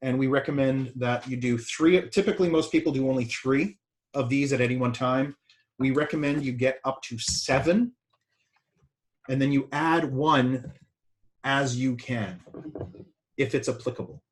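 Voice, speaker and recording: A man speaking as a business coach in a seminar talk, conversational and energetic, with sudden excited jumps in pitch. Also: moderate pace.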